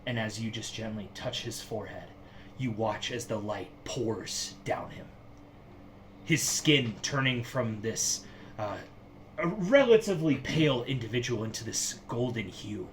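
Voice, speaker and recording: A man narrating a tabletop game as game master, describing scenes slowly and vividly. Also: lowish voice, expressive, slight background noise.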